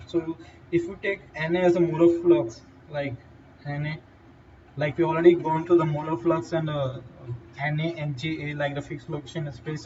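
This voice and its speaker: A man with an Indian English accent giving a halting whiteboard lecture, with fillers and restarts. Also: fairly high pitch, warm tone. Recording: distant, dull lo-fi mic with faint noise.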